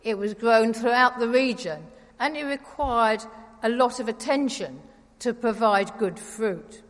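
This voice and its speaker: A woman giving a conversational, gently wry sermon in church. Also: on the high side, unhurried. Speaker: preacher. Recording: reverberant church hall.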